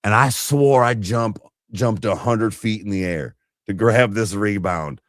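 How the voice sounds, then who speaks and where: A man co-hosting a podcast, telling a story in a laughing, animated way. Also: on the low side, a little slow, dry recording, studio quality. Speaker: podcast co-host. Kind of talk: casual chat.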